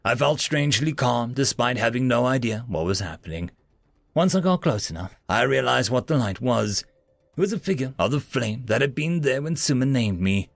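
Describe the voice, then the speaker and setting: A man narrating a story in the first person in an expressive, dramatic way. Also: medium pitch, moderate pace, vocal fry, no room sound. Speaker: audiobook narrator.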